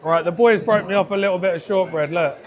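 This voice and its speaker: A man's voice: high-pitched, fast. A British man hosting a casual food vlog, chatty and upbeat as he talks to camera. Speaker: food vlogger host.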